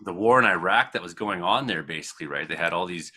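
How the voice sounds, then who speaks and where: A man from Canada, hosting a casual talk show, telling a rambling, profane story with frequent laughs and acted-out shouted quotes. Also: low voice, animated, quick pace. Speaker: podcast host.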